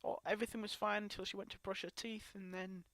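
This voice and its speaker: A woman crying as she talks to her camera in a grieving personal vlog, her speech halting and broken by sobs and restarts. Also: mid-range voice, little pitch movement, fairly bright tone, dry recording. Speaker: vlogger.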